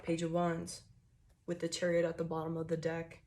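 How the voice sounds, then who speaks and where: Profane, animated woman tarot reader. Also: deep voice, normal speed, slight background noise. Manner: profane, animated, laughs often, acts out quoted people. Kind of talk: casual tarot reading monologue. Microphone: desk microphone that picks up card shuffling.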